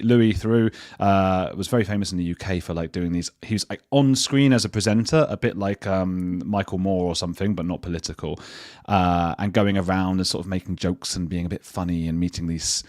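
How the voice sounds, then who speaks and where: Low-voiced British man, chatty. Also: a little mellow, no echo, studio quality. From United Kingdom. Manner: chatty and self-deprecating, with many restarts. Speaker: guest, journalist and podcaster. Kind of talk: casual interview chat.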